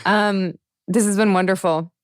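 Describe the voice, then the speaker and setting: A woman hosting a podcast in casual chat, talkative and laughing often with quick asides. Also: mid-range voice, fairly even intonation, no room sound, clean studio sound. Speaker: podcast host.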